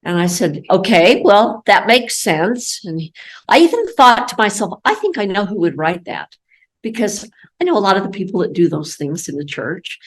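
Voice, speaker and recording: An older woman giving a storytelling talk, lively and acting out the voices of people she quotes. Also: medium pitch, normal speed, poor audio. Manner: animated, acts out quoted voices. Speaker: guest speaker.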